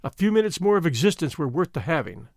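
A man narrating an adventure novel as an audiobook in an expressive, measured storytelling manner. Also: on the high side, gravelly, no room sound, studio quality.

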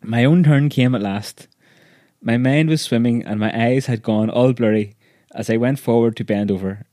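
A man narrating a story aloud in a measured, vivid way. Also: mid-range voice, mellow.

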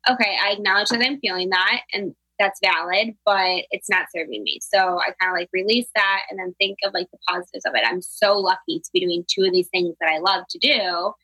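A woman's voice: medium pitch, fairly even intonation, brisk, few pauses, sharp tone, husky, dry recording, low-quality recording. A young woman guest on a podcast, upbeat and reflective, talking casually with many fillers. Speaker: podcast guest, travel planner and health coach. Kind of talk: casual chat.

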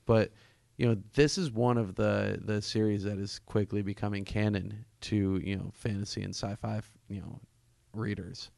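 A man's voice: on the low side, fairly even intonation, moderate pace, vocal fry, hardly any pauses, darkish tone, dry recording. A man hosting a podcast, asking loose, chatty questions with plenty of fillers. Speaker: podcast host. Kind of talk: casual interview conversation.

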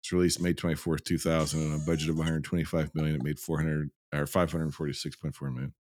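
A man's voice: a bass voice, level tone, quick pace, darkish tone, dry recording, studio quality. A man hosting a film review podcast in casual chat, with a profane, ranting, sardonic way of talking. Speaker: podcast host reviewing films.

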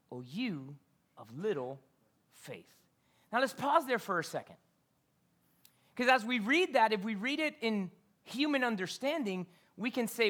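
A woman delivers a sermon in a church. She reads scripture out loud and drops to quiet, conversational asides, often asking the congregation questions. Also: medium pitch. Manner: expressive, swings between loud scripture reading and quiet asides. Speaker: preacher.

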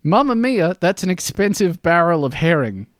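A man's voice: sits high, sing-song, normal speed, dry recording, clean studio sound. A man hosting a podcast in casual, jokey chat with a wry manner. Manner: jokey, wry, slips into silly voices. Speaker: podcast host.

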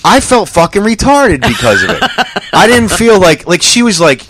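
A man co-hosting a casual talk show, telling a comic story in an animated, profane way and acting out both sides of it. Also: high voice, moderate pace, background noise. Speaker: podcast co-host.

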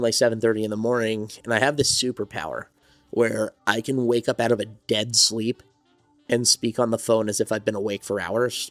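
A man's voice: fairly low pitch, no echo. A man from New Jersey, a songwriter and studio owner, telling his story in a rambling, reflective way as an interview guest. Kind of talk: casual interview conversation.

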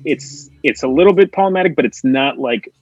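A man with a slightly husky voice talks through an old film in a loose, rambling podcast chat, leaning on filler words. The recording is dry and a little dull and lo-fi. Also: medium pitch, expressive, brisk, a little mellow, no room sound. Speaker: podcast co-host. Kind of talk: casual movie discussion.

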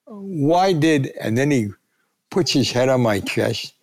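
Gravelly older man telling stories. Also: mid-range voice, expressive, takes it slowly. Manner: gravelly, acts out quoted voices. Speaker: retired sports columnist, guest. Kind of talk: animated anecdote telling.

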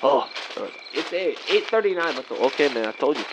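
A man's voice: fairly high pitch, very animated, brisk, background noise. A man playing a laid-back guy, rambling in slangy drawled talk full of "man" and "vato". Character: laid-back Mexican-American guy trick-or-treating with buddies.

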